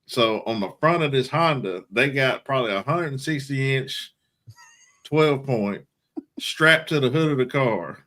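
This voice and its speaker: A man with a bright, forceful voice tells a laid-back story as a podcast co-host. His speech is casual and full of slang. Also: mid-range voice. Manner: relaxed, drawn-out anecdote with slang.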